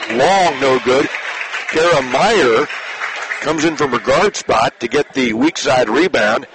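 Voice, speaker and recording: A man announcing a high school basketball game play by play, in brisk clipped calls that rise when a shot scores. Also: crowd noise. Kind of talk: basketball radio commentary. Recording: noisy online radio broadcast.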